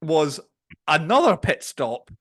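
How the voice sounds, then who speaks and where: Guy on a podcast ranting about a film, kinda high voice, lively storytelling. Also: slow pace. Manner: opinionated, animated storytelling with quoted voices. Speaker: podcast co-host. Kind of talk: casual film review chat.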